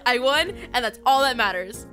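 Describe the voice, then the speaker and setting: A young woman streamer chatting casually on a livestream, ranting with laughter and frequent swearing. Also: high voice. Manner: animated, swearing, laughing rants. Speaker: VTuber streamer.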